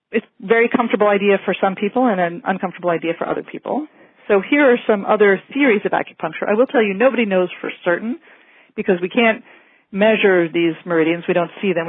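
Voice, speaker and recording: Female physician, lecture delivery, calm and explanatory; dry, phone-band audio. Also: medium pitch, no echo, narrow, tinny audio. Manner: calm, explanatory, gently reassuring. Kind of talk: medical lecture.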